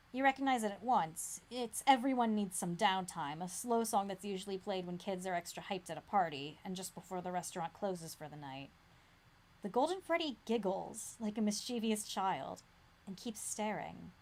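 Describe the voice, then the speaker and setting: A woman acting as game master, reading a gamebook aloud with dramatic suspense that drops to a hush. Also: medium pitch, slight background noise.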